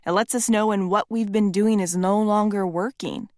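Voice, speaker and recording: A woman's voice: mid-range voice, fairly even intonation, normal speed, darkish tone, no echo. Candid woman narrating her own memoir. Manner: candid and conversational, with blunt swearing. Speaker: author reading her own book.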